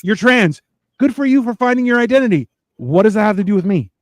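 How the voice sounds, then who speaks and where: A man's voice: high voice, animated, quick pace, no echo, clean studio sound. A man co-hosting a casual chat, arguing his points in a blunt, profane way.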